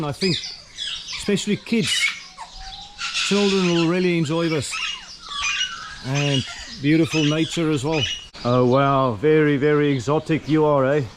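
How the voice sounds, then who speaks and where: A man's voice: moderate pace, pauses often. A middle-aged man, vlogging casually on a walking tour and cooing at the birds in a sing-song voice as he goes. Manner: chatty, coos at birds in a high sing-song voice. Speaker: travel vlogger. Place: outdoor bird park. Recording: outdoor clip with loud bird noise.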